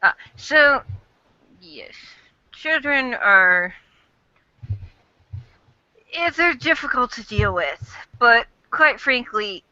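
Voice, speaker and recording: Bright, lively chatty woman, lo-fi. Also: on the high side, very slow, pauses often, no echo. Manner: chatty, rambling, casual swearing. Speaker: fan chat host. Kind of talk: casual online chat.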